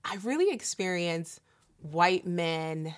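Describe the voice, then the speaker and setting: A low-pitched woman from Delaware talks through her thoughts in relaxed conversation. She sounds reflective and laughs easily. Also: slow pace. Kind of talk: casual conversation.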